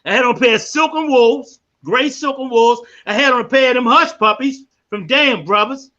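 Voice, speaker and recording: A man hosting a live podcast, telling stories in an animated way that climbs into emphatic shouts. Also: very high-pitched, normal speed, dull audio. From Baltimore. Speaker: podcast host. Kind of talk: live storytelling monologue.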